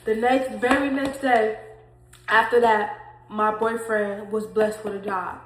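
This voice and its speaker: A woman's voice: on the high side, level tone, a little slow, background noise. Emotional woman in an echoey room. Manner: emotional, talks straight to viewers, repeats herself. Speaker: vlogger sharing a faith testimony. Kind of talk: casual testimony vlog.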